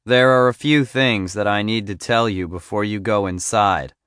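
A man voicing a bored, cold male prison guard in an audiobook, speaking in a flat, matter-of-fact way. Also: lowish voice, moderate pace, smooth, no echo, clean studio sound, natural voice.

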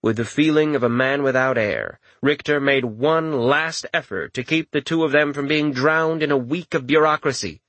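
A man narrating a fantasy story in a wry, expressive reading. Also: mid-range voice, moderate pace, few pauses, dry recording. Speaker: audiobook narrator. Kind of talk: scripted narration.

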